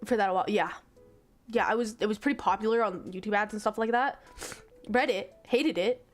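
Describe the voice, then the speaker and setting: A young woman streamer retelling a story in casual chat, exasperated, animated and swearing freely. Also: medium pitch, brisk, faint music behind.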